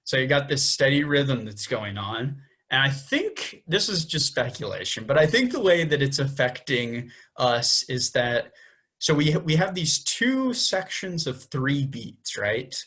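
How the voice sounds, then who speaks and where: A man's voice: mid-range voice, big pitch swings, measured pace, fairly bright tone, breathy edge. Man, young adult, podcast co-host, casual explainer, counts beats aloud. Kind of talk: casual music-theory explainer.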